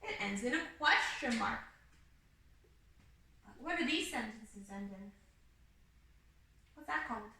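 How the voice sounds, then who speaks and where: A woman's voice: fairly high pitch, animated, measured pace, pauses often, bright, forceful tone. A young woman teaching a kindergarten video lesson, patient and sing-song, drilling words one at a time for small children. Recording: echoey room, mic at a distance.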